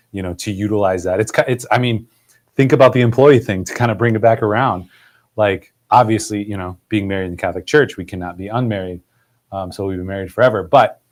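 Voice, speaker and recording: A man hosting a podcast in casual conversation, rambling and leaning on "like" as filler. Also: lowish voice. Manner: rambling, heavy use of "like".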